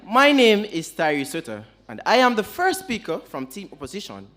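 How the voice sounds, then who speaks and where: A man's voice: sits high, huge pitch swings, normal speed, a bit bright. A young man with a Jamaican accent giving a formal debate speech as first opposition speaker, firing rhetorical questions at the audience and opponents.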